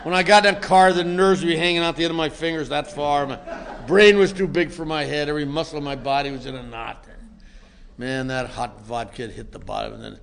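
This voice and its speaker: An older man telling a self-mocking story to a meeting audience in a wry, comic way that builds into shouting. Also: a little high, fairly even intonation, fairly quick, gravelly. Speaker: recovery meeting speaker.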